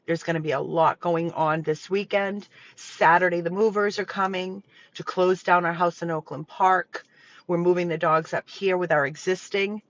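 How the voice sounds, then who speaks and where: A woman's voice: on the low side, a bit bright, dry recording, highs cut off. A woman who runs a dog rescue, making an emotional, pleading appeal straight to her viewers from the rescue property. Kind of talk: impassioned direct appeal to viewers.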